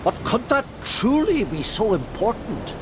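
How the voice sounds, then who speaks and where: A learned old druid, animated up-and-down voice, old-fashioned speech, rain noise. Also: male voice, high voice, unhurried, exaggerated voice. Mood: earnest. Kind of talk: video game dialogue. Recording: game audio with loud rain.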